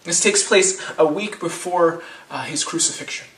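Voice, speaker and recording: A man's voice: fairly high pitch, normal speed, a bit bright, reverberant, recorded from a distance. A man in his thirties preaching a sermon as pastor, conversational, with frequent restarts and rhetorical questions.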